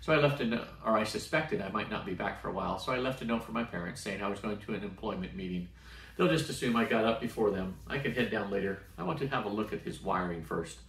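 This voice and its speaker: A man's voice: lowish voice, fast talker, vocal fry, a bit bright. A man reading aloud and voicing a wry, nervous young male engineer in a matter-of-fact way. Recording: roomy sound from a distant mic.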